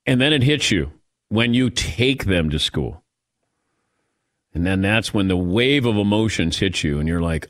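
A man's voice: lowish voice, expressive, moderate pace. A middle-aged man hosting a sports talk radio show, chatting casually in a reflective, self-mocking way.

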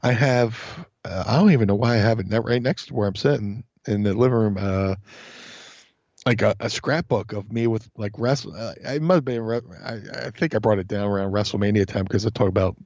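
A podcast guest in casual chat tells animated stories, swearing a lot and acting out other people's voices. His voice is fairly low and fairly quick, recorded dry with a dull lo-fi sound.

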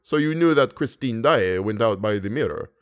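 In an audiobook reading, a man voices a grave, cautious older Persian guide with a Persian accent, speaking low, measured, and hushed. His natural-sounding delivery is also animated.

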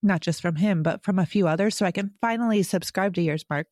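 A woman co-hosting a podcast in casual chat, talkative and quick to laugh at herself. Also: fairly low pitch, a little mellow, dry recording, clean studio sound. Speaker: podcast co-host.

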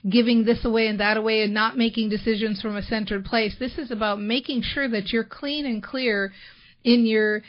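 A woman's voice: a little high, fairly even intonation, moderate pace, dull audio. A woman hosting a podcast, chatting enthusiastically and filling her talk with "like" and "you know". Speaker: podcast host. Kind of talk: casual interview chat.

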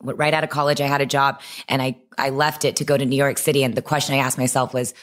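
Young woman from the US as interview guest, deep voice, expressive storyteller. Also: fast talker, few pauses. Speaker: guest, entrepreneur.

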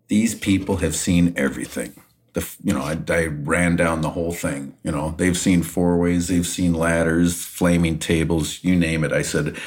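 A man co-hosting a podcast, telling a backstage anecdote in a casual, animated way and laughing often. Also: low-pitched. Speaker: podcast co-host, retired wrestler. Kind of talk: casual storytelling.

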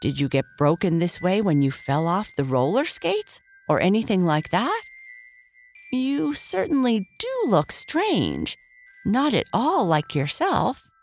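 A woman's voice: medium pitch, slow, a little hiss or hum, voice pushed up. Woman voicing a kindly rocking horse. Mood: concerned. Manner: warm, excitable, exclaiming. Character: kindly male white rocking horse toy.

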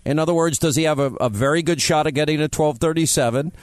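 Talk radio host, male, slightly high voice, dry close mic, blunt and emphatic. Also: quick pace, no room sound. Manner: blunt, emphatic, teasing callers. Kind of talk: talk radio, taking calls.

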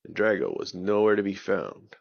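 A man narrating a bedtime story for children in a gentle, unhurried way. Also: lowish voice, vocal fry, highs cut off.

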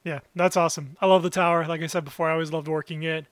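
An upbeat young man chats on a podcast, easygoing and quick to agree. His voice sits a little higher than most men's. The sound is dry and close, with no room echo. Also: steady tone, a bit bright. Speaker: podcast co-host. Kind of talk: casual chat.

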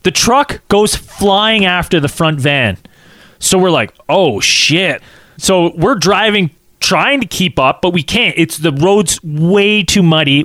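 A man telling a casual anecdote, acting out quotes in an animated way and saying "like" a lot. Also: fairly high pitch, no echo, clean studio sound.

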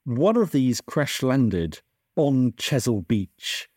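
A man, a science writer, tells wartime history in a podcast chat. His voice is mellow and warm yet very animated, rising and falling as he restarts and corrects himself. The sound is close and dry. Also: slow, breathy edge, dry recording. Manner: animated storyteller, lively pitch swings, self-correcting restarts. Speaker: science journalist and author, guest. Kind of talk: conversational podcast interview.

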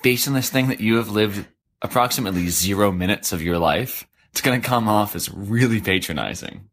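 A man's voice: lowish voice, brisk, a bit bright, a little hiss or hum. A man in casual recorded conversation with his wife, talking in an earnest, argumentative way. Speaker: podcast host's husband.

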